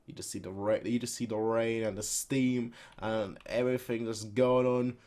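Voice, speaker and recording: A man hosting a casual reaction video who reads a manga aloud and makes his own sound effects in an animated way. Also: mid-range voice, moderate pace. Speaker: reaction channel host.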